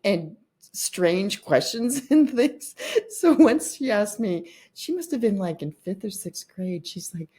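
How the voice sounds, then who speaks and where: A woman's voice: mid-range voice, very animated, takes it slowly, warm tone, breathy edge. A middle-aged woman, a podcast guest and author, telling candid stories in conversation with quoted dialogue and laughter.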